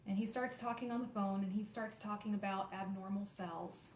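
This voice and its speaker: A woman in her forties, hosting her own show, telling a personal story to viewers in an animated, emotional, confiding way. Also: mid-range voice, moderate pace, slight background noise. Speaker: host. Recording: roomy echo, faint ambience.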